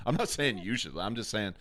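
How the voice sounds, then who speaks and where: A man's voice: fairly low pitch, expressive, moderate pace, a bit bright, dry recording. A man co-hosting a podcast in casual chat, laid-back, swearing freely and laughing often. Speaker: podcast co-host.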